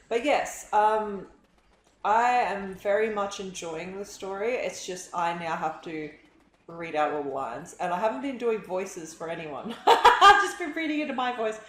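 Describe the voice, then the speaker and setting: Young woman game streamer, giggly casual chatter, slow delivery, echoey room. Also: mid-range voice, big pitch swings, slight background noise. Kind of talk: casual live-stream chat while gaming. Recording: roomy, echoey room sound.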